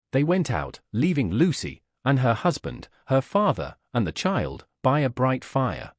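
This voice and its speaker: A man narrating a classic novel as an audiobook, in a measured, expressive reading. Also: medium pitch, no echo, clean studio sound.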